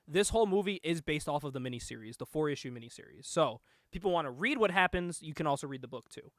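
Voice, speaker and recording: A young man co-hosting a casual show, excitedly retelling a movie plot, laughing often, swearing and acting out the lines. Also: fairly high pitch, fast talker, dry recording, clean studio sound. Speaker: podcast co-host.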